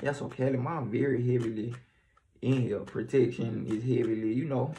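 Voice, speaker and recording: A man's voice: mid-range voice, fairly even intonation, normal speed, dark tone, slight background noise. A man giving a tarot reading, telling a loose, rambling story with slang and swearing, often repeating himself. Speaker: tarot reader. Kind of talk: casual spiritual storytelling.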